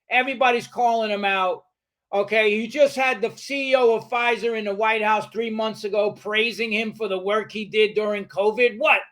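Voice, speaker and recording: Guesting on a podcast, an older New Yorker talks in a high-pitched, somewhat bright voice with his native accent. The casual interview conversation finds him blunt, combative, and swearing freely.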